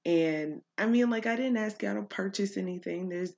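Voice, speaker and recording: A woman's voice: medium pitch, moderate pace, creaky, a little mellow, dull audio. A woman podcast host, telling a story in a chatty way, laughing often and using many fillers. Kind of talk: casual storytelling monologue.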